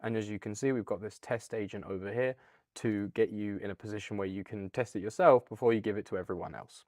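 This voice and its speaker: Upbeat british guy walking through software, lowish voice, dry close sound. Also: fast talker, dry recording. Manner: upbeat, chatty, with fillers. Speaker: product demo host. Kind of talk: casual software walkthrough.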